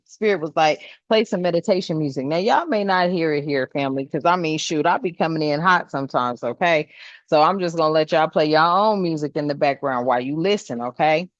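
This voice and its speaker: A woman's voice: fairly low pitch, no echo. A woman doing a tarot reading in a casual chat, laughing often and swearing freely in slangy speech. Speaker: tarot reader. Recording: dull, slightly lo-fi sound.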